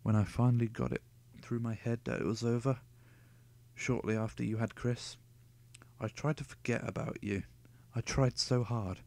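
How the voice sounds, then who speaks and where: A man reading out a brooding, wounded young male lover in a book, quiet and confessional. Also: medium pitch, fairly even intonation, moderate pace, lightly acted.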